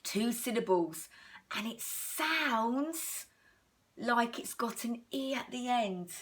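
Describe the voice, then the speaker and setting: Very slow, encouraging English woman teacher. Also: on the high side, animated, a bit bright, slight background noise. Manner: slow, sing-song and encouraging, stretching words out. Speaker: primary school teacher. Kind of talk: recorded phonics lesson for young children.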